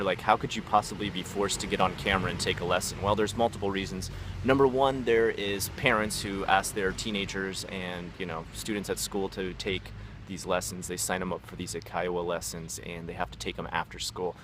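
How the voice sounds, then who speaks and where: A man's voice: low-pitched, fairly even intonation, a little fast, noisy background. A man telling stories about teaching English in a casual, rambling vlog, with many fillers and acted-out quotes. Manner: rambling, filler-heavy, acts out quoted voices. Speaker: vlogger, former English teacher.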